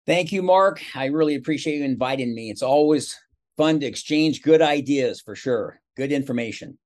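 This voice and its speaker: Man, 60s, motivational speaker guesting on a podcast; chatty storyteller, voice of middling pitch. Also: moderate pace. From Seattle, USA. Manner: chatty, animated storyteller with quoted dialogue. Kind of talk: casual interview storytelling.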